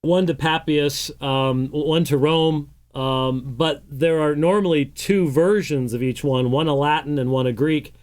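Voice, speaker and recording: A man's voice: a little high, fairly even intonation, unhurried, hardly any pauses, a little mellow. A man hosting a call-in program, taking phone calls and explaining points at length with many "uh" fillers. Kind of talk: call-in radio talk and teaching.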